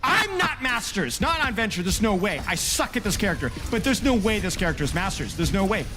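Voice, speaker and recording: A man reviewing gameplay in an exasperated rant, repeating himself and often shouting. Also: high voice, big pitch swings, fairly quick, background noise.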